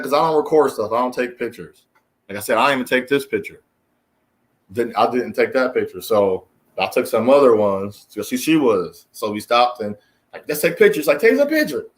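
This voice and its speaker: A man, delivering a preachy, emphatic solo monologue as a commentary host, often climbing high in exasperation and repeating phrases. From United States.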